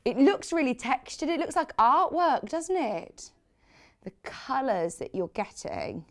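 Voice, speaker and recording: A woman's voice: high voice, very animated, measured pace. A woman presenting fabrics on live shopping television, chatty and gushing, reading out viewer comments as she talks. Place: TV studio.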